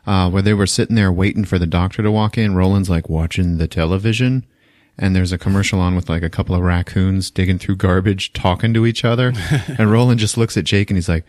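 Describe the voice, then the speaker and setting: Low-voiced man casually recapping a movie. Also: steady tone, brisk, a little mellow, no room sound, studio quality. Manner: laid-back, swears often, laughs a lot. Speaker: podcast host.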